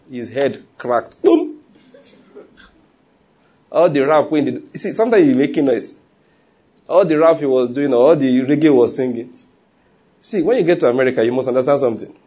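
A middle-aged man preaching a sermon, telling stories with animated quoted voices and frequent laughs. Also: medium pitch, breathy edge. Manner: animated storytelling, laughs often, acts out quotes. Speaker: pastor.

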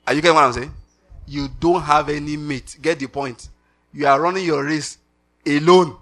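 With a fairly high pitch and a normal speed, this middle-aged Nigerian preacher delivers a lively sermon, dropping pidgin asides and breaking into laughter.

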